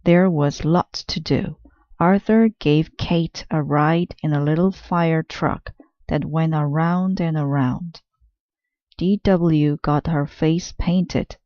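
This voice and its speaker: A woman reading a children's picture book aloud with slow, careful, clear storytelling. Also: deep voice, fairly even intonation, no room sound, highs cut off.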